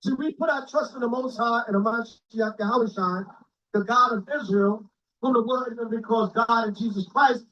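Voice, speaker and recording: A man's voice: very high-pitched, normal speed, sharp tone. A man teaching scripture in an informal, blunt and profane way, very emphatic. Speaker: religious teacher. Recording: dull lo-fi sound.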